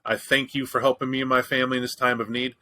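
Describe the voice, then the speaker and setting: A man hosts a show in easy, casual chat. His voice is bright and forceful. He tells his story bluntly, swears freely and jokes as he goes. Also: medium pitch, level tone, fast, poor audio. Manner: candid, profane, joking storyteller. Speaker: podcast host.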